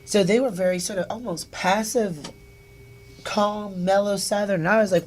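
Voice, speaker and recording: A middle-aged woman hosting a talk show, telling personal stories in an animated way and acting out the voices of people she quotes. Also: medium pitch, a little fast. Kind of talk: personal storytelling chat.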